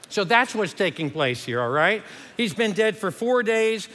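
Earnest male preacher with a high voice, recorded with long reverb. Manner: earnest preaching, drops to a hush for emphasis. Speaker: pastor. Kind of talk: sermon.

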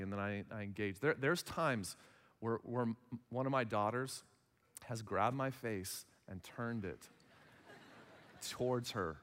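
A man's voice: medium pitch, unhurried, pauses often, a bit bright. Man, 30s, pastor, sermon, conversational, acts out dialogues, echoing hall. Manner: conversational, acts out little dialogues in other voices.

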